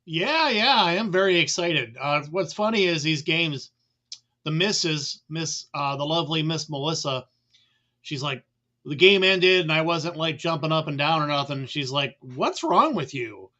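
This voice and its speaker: A man's voice: a little high, moderate pace. Rambling man on a muffled call. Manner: relaxed, rambling, many fillers. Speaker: mortgage guest. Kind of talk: casual remote chat.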